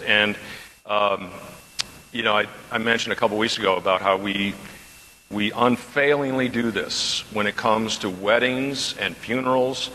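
A man's voice: on the low side, bright, forceful tone, long reverb tail, slight background noise, low-quality recording. A man teaching a Bible class as a pastor, talking conversationally and repeating questions from the class.

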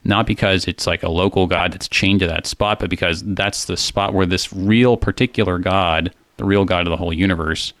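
Casual co-host, male, deep voice, dry close sound, thinks aloud with frequent fillers. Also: fairly even intonation, moderate pace, hardly any pauses, fairly bright tone, dry recording. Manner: thoughtful, many fillers and restarts. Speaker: co-host discussing a psalm. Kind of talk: casual theological discussion.

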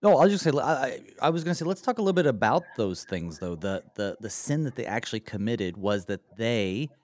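A man leading a conversational Bible study, animated and acting out quoted lines in a lifted voice. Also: medium pitch, brisk. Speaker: pastor.

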